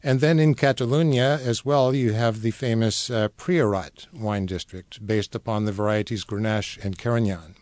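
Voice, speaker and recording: Low-voiced man explaining wines on radio. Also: a little mellow, dry recording. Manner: knowledgeable, measured, many fillers. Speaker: wine importer guest. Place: radio studio.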